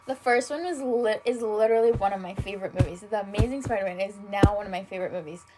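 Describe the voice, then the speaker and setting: A woman's voice: mid-range voice, fast, over music, poor audio. A young woman hosting a solo podcast, rambling in casual chat with constant fillers and frequent swearing. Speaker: podcast host. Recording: faint background noise.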